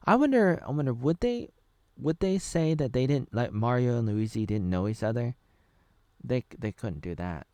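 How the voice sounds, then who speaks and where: A man's voice: mid-range voice, a little mellow, clear, resonant tone, no echo. A man in his thirties from Oregon, casually reacting to a trailer, rambling and thinking aloud with many fillers and restarts. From Oregon, USA. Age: 30s. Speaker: video creator reacting to a trailer.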